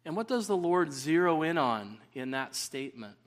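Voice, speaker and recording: A man's voice: a little high, sing-song, normal speed. A man preaching a sermon, earnest and rising to emphatic stresses.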